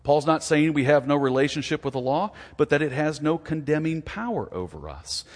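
A man's voice: a little high, fairly quick. A man in his forties preaching a sermon as a pastor, earnest and acting out little dialogues with God. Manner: earnest, acts out dialogue with God in lively voices. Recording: long hall reverb.

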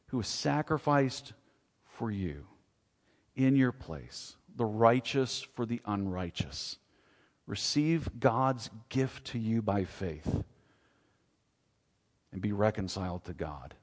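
A man's voice: on the low side, a little mellow, in a large hall. A man preaching a sermon as pastor, earnest and preacherly, often rising into emphatic questions.

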